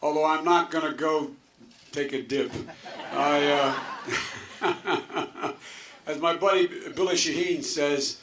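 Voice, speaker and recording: A man's voice: on the high side, steady tone, slow pace, long pauses, fairly bright tone. An older man from Delaware giving a campaign speech to a crowd, a folksy, rambling storyteller with chuckles and asides. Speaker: political candidate. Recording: echoey hall with faint noise.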